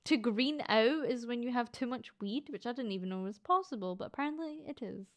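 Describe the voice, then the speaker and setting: Scottish woman, live-stream chat, playful, swears casually, a touch high-pitched. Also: animated. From Scotland. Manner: chatty, playful, swears casually, quick to laugh. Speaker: VTuber streamer reading chat.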